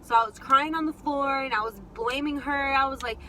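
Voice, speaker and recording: A young woman telling a story casually while eating, chatty and animated with lots of fillers. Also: high-pitched, a little fast, a little hiss or hum, rough recording. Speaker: vlogger.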